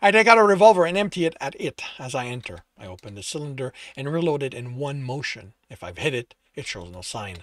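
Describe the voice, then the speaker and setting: A man's voice: medium pitch, big pitch swings, fast, few pauses, no room sound. Man narrating, correcting slips, dry. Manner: rereads and corrects his own slips. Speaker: author reading his own novel. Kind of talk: first-person audiobook narration.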